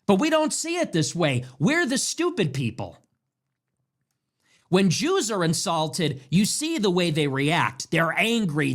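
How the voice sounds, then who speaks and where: A man's voice: high-pitched, a bit bright. A man hosting a show, delivering a heated political monologue in an impassioned, declamatory way, hammering home repeated rhetorical questions. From United States. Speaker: show host.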